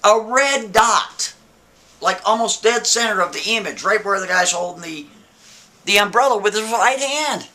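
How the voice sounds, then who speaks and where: A man casually telling a spooky story, lively and full of rhetorical questions. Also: high-pitched, moderate pace. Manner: animated, keeps asking "right?" and rhetorical questions.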